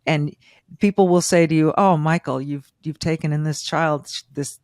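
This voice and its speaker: A woman's voice: sits low, fairly even intonation, normal speed, dry recording. Middle-aged woman host, emotional and rambling, dry close sound. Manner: emotional, warm and rambling with restarts. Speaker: podcast host. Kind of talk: interview.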